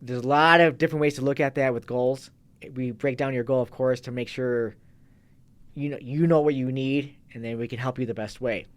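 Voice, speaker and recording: A man's voice: mid-range voice, steady tone, a little fast. A man in a casual interview talks as a fitness coach in a mid-range voice. His talk is loose and rambling. He often breaks off and restarts his sentences. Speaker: guest, fitness and kettlebell coach.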